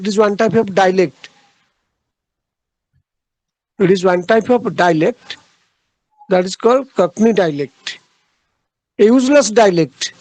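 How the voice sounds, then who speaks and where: A man giving a literature lecture, halting, with frequent fillers and repeated phrases. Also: sits high, darkish tone, dry recording, rough recording.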